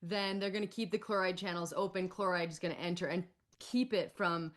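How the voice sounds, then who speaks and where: A woman's voice: on the low side, fairly even intonation, a little fast. A woman interviewer who asks curious follow-up questions to check that she has understood the explanation.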